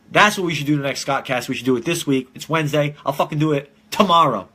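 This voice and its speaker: A man's voice: fairly high pitch, fast, hardly any pauses, bright, forceful tone. A man in his twenties hosting a casual live-streamed podcast from home, telling rambling, profane stories and laughing often. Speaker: podcast host.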